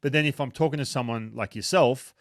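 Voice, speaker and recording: A man's voice: mid-range voice, fairly quick, no room sound, clean studio sound. A man in his thirties with an Australian accent, chatting casually and self-deprecatingly in an interview. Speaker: retired pitcher, baseball analyst. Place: home basement.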